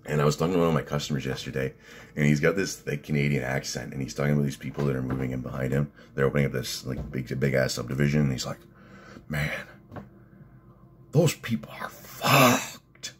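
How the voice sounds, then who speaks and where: A man's voice: very deep voice, little pitch movement, racing, a little hiss or hum. A man talking in a casual rambling vlog, profane and laughing at his own stories. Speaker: fitness vlogger and coach.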